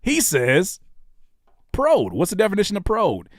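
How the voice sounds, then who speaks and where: A man in his thirties, a rapper and YouTuber, reacting to comments in an animated comedic rant, mocking and teasing with sudden loud outbursts. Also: medium pitch, normal speed, no room sound, clean studio sound.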